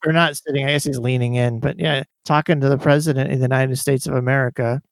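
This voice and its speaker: A man's voice: mid-range voice, steady tone, fast talker, creaky, no room sound. A man co-hosting a podcast, casually and skeptically retelling movie scenes. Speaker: podcast co-host. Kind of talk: casual chat.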